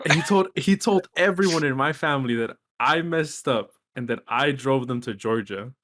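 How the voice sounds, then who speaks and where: A young man from Texas, co-hosting a casual podcast chat and telling a story in an animated way, swearing freely. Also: medium pitch, normal speed, background noise. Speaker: podcast co-host.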